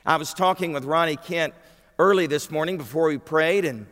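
A man preaches in a church sanctuary, his voice sitting a touch high. He drives his points home with emphasis and keeps asking the pews for answers. The sound trails off in a long hall reverb. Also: moderate pace, fairly bright tone. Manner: emphatic, asks the congregation questions. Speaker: pastor. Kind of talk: sermon.

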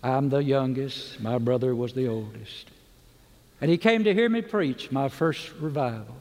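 Middle-aged male preacher, earnest pleading altar-call delivery, mid-pitched, recorded in a reverberant large church. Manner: earnest, pleading, drops soft and slow on key words.

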